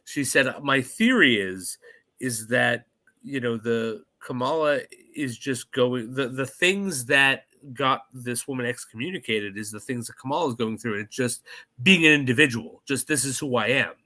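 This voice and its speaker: A man's voice: medium pitch, moderate pace. A man co-hosting a podcast, chatting animatedly about TV episodes and acting out quoted dialogue. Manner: animated, laughs easily, acts out quoted dialogue. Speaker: podcast co-host. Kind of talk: casual chat recapping TV episodes.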